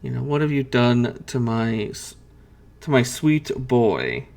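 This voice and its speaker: A man's voice: mid-range voice, very animated, slow, gravelly, darkish tone, exaggerated voice. A man voicing a desperate woman pleading for her tortured son in a tabletop game. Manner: pleading, begging.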